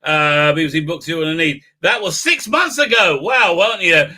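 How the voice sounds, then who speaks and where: Bright, high-voiced man ranting. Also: animated, moderate pace, husky. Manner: sarcastic, profane, often shouting. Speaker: show host. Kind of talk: mocking live stream commentary.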